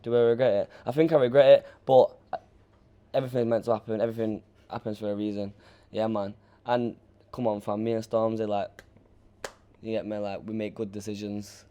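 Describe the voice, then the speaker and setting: A man's voice: fairly low pitch, flat delivery, brisk, warm tone, clear, resonant tone, lo-fi sound. Laid-back slangy young Mancunian man. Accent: Northern English, Manchester. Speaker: rapper being interviewed. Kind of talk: casual interview chat. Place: interview room in Berlin.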